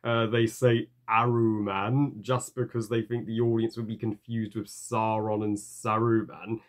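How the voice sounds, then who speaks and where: A man giving a ranting film review, halting, with many fillers and curses. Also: lowish voice, level tone. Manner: halting, full of fillers and profanity.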